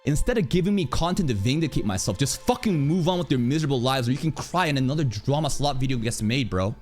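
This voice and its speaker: A man streaming an angry rant, aggressive and profane, speaking in a rapid, assertive way. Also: mid-range voice, animated, faint music behind.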